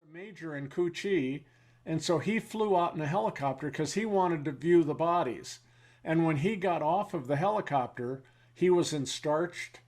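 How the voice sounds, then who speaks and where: Older man, veteran, slightly raised pitch, halting reflective storytelling, wry. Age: 70s. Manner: halting, pauses with fillers, then blunt and wry. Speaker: veteran interviewee.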